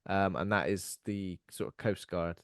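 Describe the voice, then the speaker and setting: A man's voice: sits low, steady tone, unhurried, fairly bright tone, dry recording, clean studio sound. A man in a casual podcast chat, hesitantly recapping a horror film's plot from notes. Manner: hesitant, reads plot notes aloud, amused. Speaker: podcast co-host. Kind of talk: casual film review chat.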